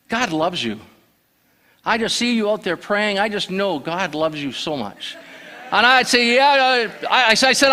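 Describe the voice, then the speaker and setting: A man's voice: sits high, bright, forceful tone. A man telling his personal testimony to a church, earnestly storytelling and acting out the dialogue. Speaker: church member sharing testimony.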